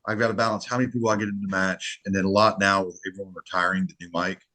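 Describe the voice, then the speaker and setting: A middle-aged man with a very low, deep voice, chatting in a relaxed podcast conversation. He talks earnestly and loosely, often circling back and restarting his sentences. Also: rapid-fire. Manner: earnest, rambling, many restarts. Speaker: match director. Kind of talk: casual podcast chat.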